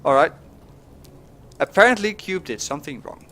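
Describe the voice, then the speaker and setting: Man casting a game, halting and chatty. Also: a little high, expressive, sharp tone. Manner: hesitant, many fillers and restarts, chuckling. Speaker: game caster. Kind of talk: casual esports commentary.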